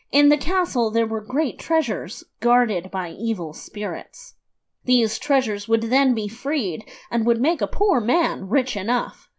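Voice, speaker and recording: A woman reads a fairy tale aloud, her fairly high voice moving lively through each sentence. The delivery is expressive and steady, in a clear storybook style. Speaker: narrator. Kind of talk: storybook narration.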